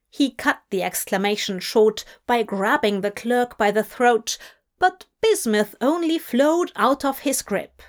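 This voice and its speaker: A woman narrates a fanfic audiobook at an unhurried pace, shaping the story with expressive turns. Her voice sits a little high and stays measured. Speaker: audiobook reader. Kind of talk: scripted narration.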